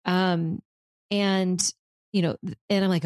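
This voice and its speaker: A woman speaks in a lower register, close and dry with no room sound. She talks personally and haltingly, restarting sentences as she looks for the right words. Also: fairly even intonation, a little mellow, smooth, no echo. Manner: hesitant, searching for words with many restarts. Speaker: guest discussing her estranged father. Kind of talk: emotional personal conversation.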